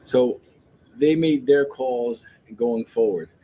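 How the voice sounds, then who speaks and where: A man's voice: mid-range voice, takes it slowly, mellow, slight background noise, poor audio. A man, ranting about the stock market to his viewers in a brash, profane, joking way, laughing often.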